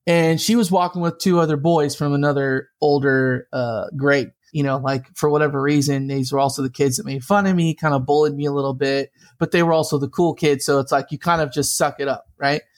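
A man and interview guest, telling a personal story in an animated way, often laughing and acting out the voices of others. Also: a little high, a little fast, few pauses. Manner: lively, laughing, acts out quoted voices.

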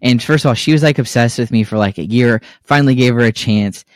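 A young adult man co-hosting a casual podcast, telling profane stories and acting out the quotes with lively energy. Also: medium pitch, fast, dry recording, clean studio sound. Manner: profane, animated storytelling with acted-out quotes. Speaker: podcast co-host. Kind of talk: casual storytelling chat.

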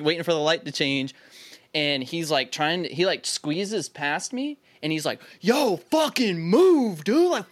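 A man's voice: fairly high pitch, no room sound. Laughing young man from Philadelphia. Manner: animated, laughs often, swears freely. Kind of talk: casual storytelling chat.

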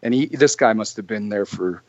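A man's voice: lowish voice, normal speed, no room sound. Young man, from Canada, guest, rambling storyteller, dry, muffled lo-fi. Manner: rambling, many restarts. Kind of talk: casual storytelling.

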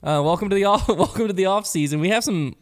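A man hosting a casual weekly podcast, upbeat and quick to laugh as he chats with his co-host. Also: sits high.

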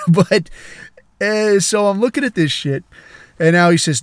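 A man's voice: high-pitched, animated, moderate pace, dry recording. A man hosting a podcast, telling a crude story in a rambling, profane way with frequent chuckles. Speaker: podcast host.

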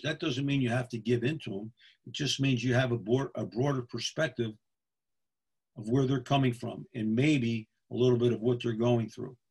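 A middle-aged football official from Pennsylvania, USA, gives other officials a folksy instructional talk in a slightly rough, medium-pitched voice. He repeats his points and checks in with "okay?"

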